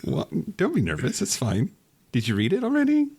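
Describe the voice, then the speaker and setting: A man's voice: high-pitched, huge pitch swings, brisk, darkish tone, husky. A man co-hosting a casual podcast, talking remotely, ranting profanely with laughs and restarts. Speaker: podcast co-host. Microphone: remote recording.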